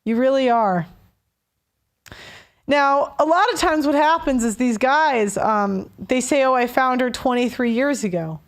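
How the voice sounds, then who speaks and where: Young woman host, high voice, blunt heated rant with restarts. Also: a little slow. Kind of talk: opinion rant on a call-in show.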